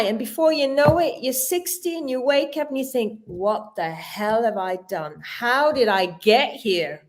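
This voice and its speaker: A middle-aged British woman, a talk show guest, telling lively stories with frequent laughter. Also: on the high side. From Britain. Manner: expressive storyteller, laughs often. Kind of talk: live-streamed talk show chat.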